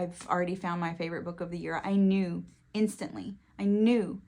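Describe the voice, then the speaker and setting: A woman talking to camera about her favorite books, gushing and emotional, her quick bursts of talk sometimes turning tearful. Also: fairly low pitch, a little mellow. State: tearful at times. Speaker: book reviewer. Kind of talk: casual book talk to camera.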